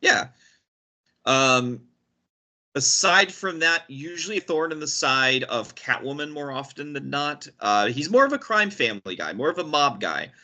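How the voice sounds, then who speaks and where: A man hosting a casual podcast, explaining comic book characters with quick, stammering restarts. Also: on the high side, very animated, sharp tone. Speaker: podcast host. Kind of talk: casual chat.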